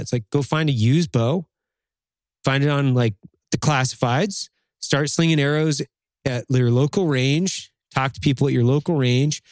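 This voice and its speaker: A man with an ordinary, middle-pitched voice talks bluntly and swears freely. He sounds like he is giving a motivational push in a casual podcast chat. The recording is dry and close, with no room sound. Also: fairly even intonation, normal speed, a little mellow, dry recording.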